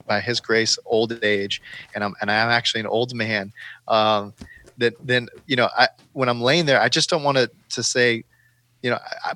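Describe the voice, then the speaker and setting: A man's voice: mid-range voice, bright, forceful tone. A man who wrote a book, speaking as a podcast guest in an earnest, heartfelt way. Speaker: author and guest. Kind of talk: interview podcast chat.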